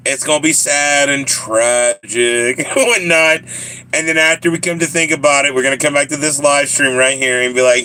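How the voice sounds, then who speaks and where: A man's voice: fairly high pitch, steady tone, moderate pace, bright, forceful tone, clean tone. A man with a Southern US accent chatting casually on a live stream, joking and laughing often as he rambles to his viewers.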